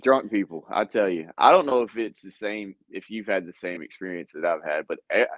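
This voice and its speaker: This is a man of medium pitch trading police stories in a lively, casual way, breaking into laughs between phrases. The recording is dull and lo-fi, with a dry, close sound. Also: a little fast, no echo. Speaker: guest, police officer. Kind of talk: casual storytelling chat.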